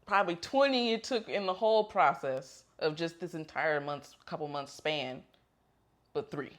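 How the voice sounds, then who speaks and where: A woman co-hosting a podcast, telling a candid, animated story about her faith in casual chat. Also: sits low, moderate pace. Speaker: podcast co-host.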